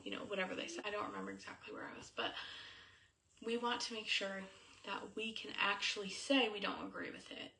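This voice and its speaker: A woman's voice: medium pitch, very animated, a little fast, vocal fry, sharp tone. A young woman giving a casual, chatty talk on faith and marriage as a coach, with many fillers. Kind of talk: casual teaching talk to camera. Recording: voice a bit distant from the mic.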